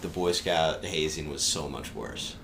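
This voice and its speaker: A man's voice: a bass voice, animated, unhurried, vocal fry, fairly bright tone, a little hiss or hum. A young man in his twenties, a podcast guest, casually telling rambling stories, swearing freely and laughing as he goes. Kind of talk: casual storytelling.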